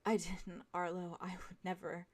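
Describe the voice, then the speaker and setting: A woman's voice: on the low side, monotone, moderate pace, lightly acted. A woman voicing a panicked, devastated young man in a tabletop game, his voice garbled, stuttering and breaking.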